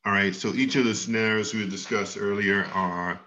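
Male Bible class teacher, patient and questioning, bright tone, muffled video-call audio. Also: fairly low pitch, fairly even intonation, normal speed. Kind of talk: online Bible class lesson.

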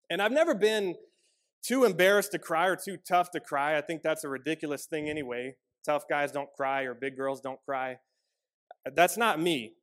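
A man delivers a sermon in an earnest, personal way, speaking with a slightly high voice. He stresses some lines loudly and drops others to a near hush. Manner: earnest, personal storytelling with shifts between loud emphasis and quiet, soft passages. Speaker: pastor.

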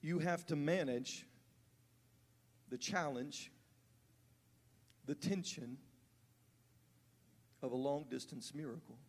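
A man preaching a sermon as pastor, building from calm teaching to fervent, rising delivery. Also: on the high side, slow pace, pauses often. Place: church sanctuary. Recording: church hall reverb.

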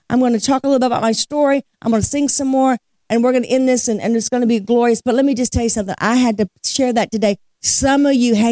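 A woman's voice: a little high, a little mellow, dry recording, studio quality. A woman leading worship at a church service, telling a testimony as a storyteller with a preacher's cadence and laughing as she talks. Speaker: guest worship leader. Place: church sanctuary.

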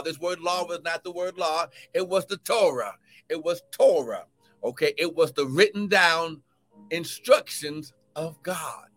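A man preaches with a high, ringing voice, reading scripture aloud and pressing his point again and again. He bursts into shouts and exclamations as he exhorts his listeners. Faint music plays underneath. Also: a little slow. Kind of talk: live-streamed sermon.

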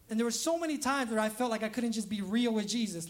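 A man's voice: high-pitched, expressive, fast, few pauses. A man preaching a casual, humorous sermon as pastor, laughing often and acting out quoted voices.

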